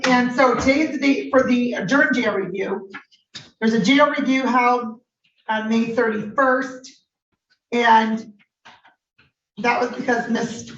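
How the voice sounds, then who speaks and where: Brisk woman judge on the record. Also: a little high, a little hiss or hum. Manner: brisk, procedural. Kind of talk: court hearing. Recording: echoey, dull, distant courtroom audio.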